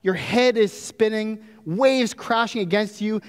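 A man's voice: sits high, normal speed, hardly any pauses, clear, resonant tone, long reverb tail. A man preaching a sermon earnestly, acting out prayers with rising drama. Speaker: pastor.

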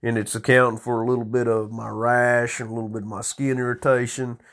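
Rough-voiced man, slightly hoarse, profane rambling monologue recorded on a phone at home. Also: mid-range voice, little pitch movement, a little fast, fairly bright tone. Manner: profane, rambling stream of consciousness. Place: small room at home.

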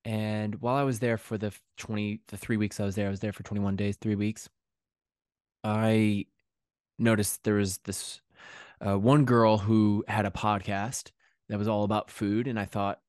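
A man's voice: lowish voice, flat delivery, normal speed, darkish tone, clean tone, no room sound, clean studio sound. A man from Connecticut, chatting as a podcast guest and telling stories with restarts and animation. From Connecticut, USA. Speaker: podcast guest, chef and author. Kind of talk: casual interview chat. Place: home in the English countryside.

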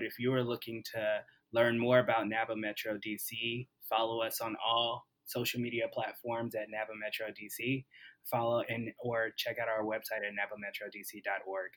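A man's voice: medium pitch, fairly bright tone. A man hosting a podcast, asking questions in a rambling, hesitant way with many fillers. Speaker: podcast host. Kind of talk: casual interview talk.

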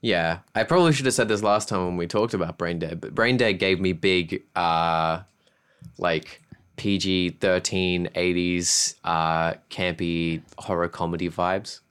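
Low-voiced man, halting delivery. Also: fairly even intonation, fairly bright tone, clean tone. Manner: hesitant, halting with fillers. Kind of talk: casual movie chat.

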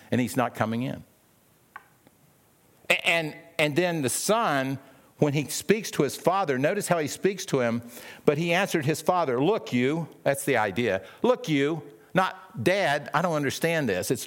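A man's voice: fairly high pitch, animated, moderate pace. A man preaching a sermon in a conversational way, with many restarts and questions to the listeners. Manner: acts out the brothers' lines in a raised, sharp voice.

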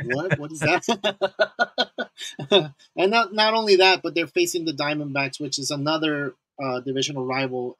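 A man's voice: medium pitch, fairly bright tone, dry recording, poor audio. A man co-hosting a casual fantasy baseball podcast, laughing often and restarting his sentences. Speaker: podcast co-host. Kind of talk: casual sports chat.

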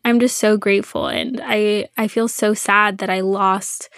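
A woman's voice: medium pitch, steady tone, a little slow, a bit bright, no echo, clean studio sound. A young woman hosting a solo podcast as a coach, talking earnestly and emotionally, often repeating words for emphasis. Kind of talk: reflective solo podcast monologue.

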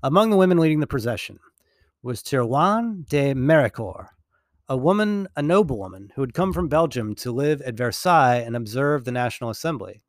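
A man giving a recorded history lecture in a relaxed, wry way, correcting himself and adding small jokes as he goes. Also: mid-range voice, quick pace, hardly any pauses, dry recording, clean studio sound.

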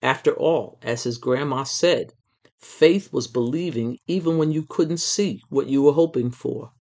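A storyteller reading a children's book aloud in an expressive, measured way. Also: mid-range voice.

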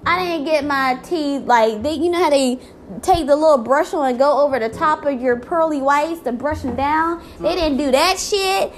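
A woman's voice: high-pitched, moderate pace, a little hiss or hum. A woman ranting in a casual vlog, exasperated and full of swearing.

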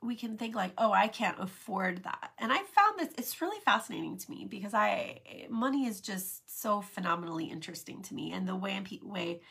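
A woman talks casually on a live stream, loose and chatty with plenty of "like" fillers. Her voice has a gravelly fry and a husky edge. Every so often she slips into a lively imitation of an imagined speaker. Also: mid-range voice, brisk, hardly any pauses. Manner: chatty, many "like" fillers, acts out quoted voices.

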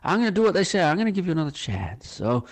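A man's voice: a little high, sing-song, racing, pitched above the performer's own voice. A blustering older boss with an American accent, as a man puts him on, his voice swooping up and down as he rambles along full of fillers. He drawls and dawdles over every question. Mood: coaxing.

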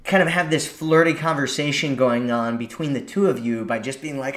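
A man's voice: on the high side, a little fast, few pauses, a bit bright. Chatty male dating coach, roomy sound. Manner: casual, chatty, acts out quoted lines. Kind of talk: advice podcast monologue.

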